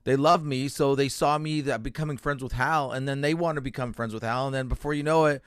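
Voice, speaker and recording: A man's voice: medium pitch, fairly even intonation, brisk, clean tone, no room sound. A Canadian man telling a personal story on a radio show, his voice open and emotional, with frequent swearing and broken-off restarts. He sounds close and dry, with no room around him. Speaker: comedian guest. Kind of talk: candid interview storytelling. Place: radio studio.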